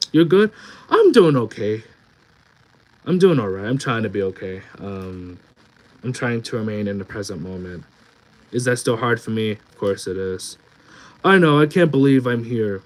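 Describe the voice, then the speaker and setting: A young male streamer talking off the cuff to his viewers. He rambles from one thought to the next, reads comments out loud and often restarts his sentences. His voice sits at an ordinary middle pitch. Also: low-quality recording. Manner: rambling, reads chat comments aloud, many restarts and fillers. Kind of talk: casual live-stream chat.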